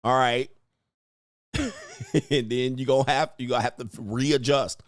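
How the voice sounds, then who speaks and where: A man's voice: medium pitch, steady tone, measured pace, no echo, studio quality. A man hosting a casual commentary stream, brash and profane, chuckling often and tagging lines with "all right?". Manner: repeats "all right?" as a verbal tic. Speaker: podcast host.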